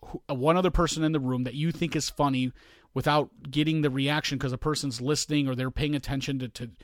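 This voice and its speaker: A man's voice: medium pitch, fairly even intonation, fast talker, no echo, clean studio sound. A man co-hosting a podcast in casual chat, rambling through stories and acting out quoted asides. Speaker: podcast co-host.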